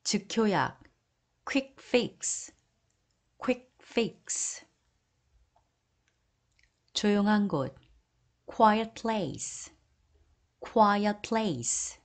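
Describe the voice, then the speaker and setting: Woman slowly reading English word pairs. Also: mid-range voice, animated. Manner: slow deliberate repetition of each English phrase. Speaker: English vocabulary teacher. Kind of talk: word list reading, Korean then English repeated twice.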